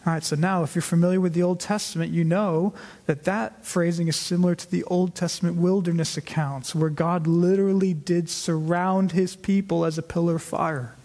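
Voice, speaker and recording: A man's voice: high-pitched, steady tone, normal speed, darkish tone. A man teaching a Bible study, explaining the verses step by step and asking and answering his own questions.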